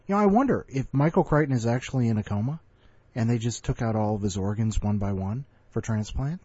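A man's voice: on the low side, brisk, mellow, slightly rough, no room sound, highs cut off. A man hosting a podcast in casual comedic banter, rambling through jokey, self-deprecating asides. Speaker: podcast host.

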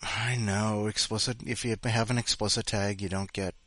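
A man's voice: on the low side, fairly even intonation, normal speed, fairly bright tone, dry recording. A man hosting a podcast in a rambling, self-deprecating, jokey chat. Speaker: podcast host.

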